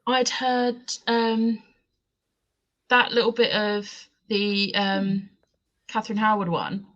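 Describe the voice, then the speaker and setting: Casual friend on a call: a woman in a mid-pitched voice, rambling with ums. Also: little pitch movement, slow, a bit bright, dull audio. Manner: rambling, with fillers. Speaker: readathon friend. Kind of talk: casual chat.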